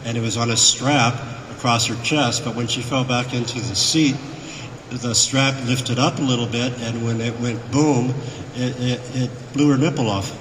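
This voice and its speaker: A man guesting on a convention panel, telling animated anecdotes to a live audience and acting out the voices in his quotes. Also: mid-range voice, moderate pace, background noise. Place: convention hall. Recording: echoey hall, miked from afar.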